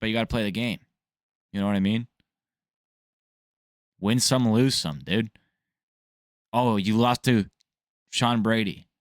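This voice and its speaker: A man's voice: on the low side, unhurried, pauses often, dry recording, clean studio sound. A man hosting a sports news vlog, ranting casually in a blunt, jokey, profane way. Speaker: MMA news vlogger.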